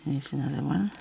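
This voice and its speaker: A woman's voice: extremely low pitch, vocal fry, warm tone, a little hiss or hum. A woman vlogging a crafting demonstration, rambling and chatty as she talks straight to her viewers.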